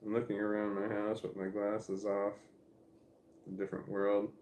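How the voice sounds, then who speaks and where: A man's voice: lowish voice, completely flat delivery, moderate pace, darkish tone, roomy sound, slight background noise. A man chatting casually at home in a meandering, stammering way, talking to his dog and reading messages aloud. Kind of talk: rambling casual livestream chat. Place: at home indoors.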